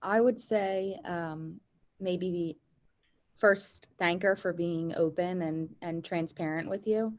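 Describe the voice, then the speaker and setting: Low-voiced woman offering tentative suggestions. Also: slow. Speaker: webinar participant. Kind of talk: casual discussion.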